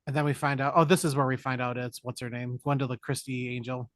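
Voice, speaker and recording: Podcast co-host, male, mid-pitched, jokey plot recap, dry close sound. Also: quick pace, dry recording. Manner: animated, jokey retelling with put-on character lines. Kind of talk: casual movie recap chat.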